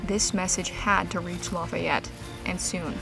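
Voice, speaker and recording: Lady narrating a history story, steady and dramatic, music going behind her. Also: on the low side, unhurried, creaky.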